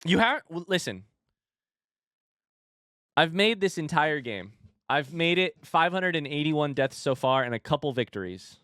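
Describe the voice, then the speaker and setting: A man's voice: a little high, a little slow, pauses often, no echo, clean studio sound. A man streaming a game live, talking to himself and his chat and yelping at near misses. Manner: excitable, yelps and shouts at near misses; talks to himself and chat while playing. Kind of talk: live gameplay commentary. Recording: clear music behind.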